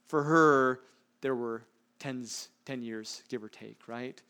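A man preaching a sermon, emphatic, with frequent rhetorical questions, swinging between loud stresses and hushed asides. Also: mid-range voice, slow, clean tone. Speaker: pastor.

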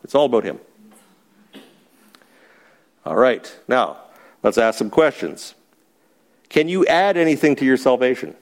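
Lively, animated male Bible teacher. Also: medium pitch, a little slow, long pauses. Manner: explanatory, emphatic, asks the class questions.

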